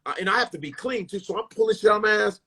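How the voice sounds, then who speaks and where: Husky, profane comedian telling stories. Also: male voice, high voice, racing. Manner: profane, animated, full of restarts. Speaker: stand-up comedian, guest. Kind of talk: casual storytelling.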